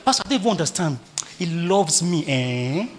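A preacher quoting a young woman who earnestly confides in her pastor about her boyfriend, in a softer, lower voice. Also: very animated, normal speed.

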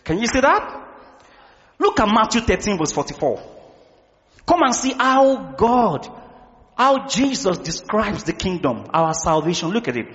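A male pastor, preaching an impassioned sermon and often shouting to the congregation. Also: sits high, big pitch swings, unhurried, long pauses, big-room sound, highs cut off.

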